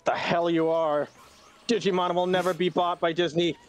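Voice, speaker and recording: A man playing a fighting game with a friend, swearing a lot and yelling in frustration. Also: high-pitched, level tone, moderate pace, a crowd in the background. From Latino. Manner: swears constantly, yells in frustration. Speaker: gaming YouTuber. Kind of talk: casual gameplay banter.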